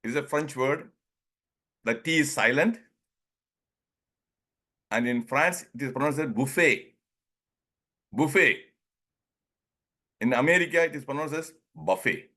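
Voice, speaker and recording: A man with an Indian English accent talks casually to a group over a video call, chuckling as he goes. He acts out short exchanges and stretches words out slowly so they can be heard. His voice sits at an ordinary male pitch. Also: sharp tone. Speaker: presenter leading an online group session. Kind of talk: informal talk on English pronunciation.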